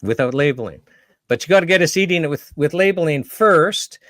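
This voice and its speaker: Indignant man, fairly high voice. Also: brisk, fairly bright tone, no room sound. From Canada. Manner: indignant and sarcastic. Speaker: advocacy speaker. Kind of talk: impassioned commentary.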